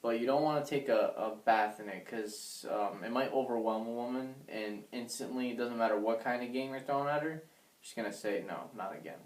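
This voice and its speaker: A young man giving dating advice in a measured way, with many ums and uhs. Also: mid-range voice. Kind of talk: casual advice talk. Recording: echoey room.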